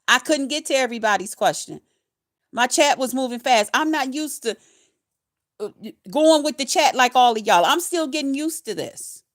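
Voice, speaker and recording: A woman who works as a nurse, ranting to her viewers in a heated, emphatic way, cussing and hurling insults throughout. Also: high-pitched. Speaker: nurse and vlogger. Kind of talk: angry profane rant to camera.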